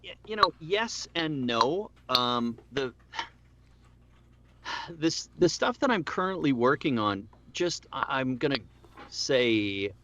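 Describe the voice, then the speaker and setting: A man's voice: medium pitch, sing-song, slow, sharp tone, dull audio, a little hiss or hum. A middle-aged man, a voice actor, chatting casually as an interview guest, with lots of restarts and self-deprecating asides.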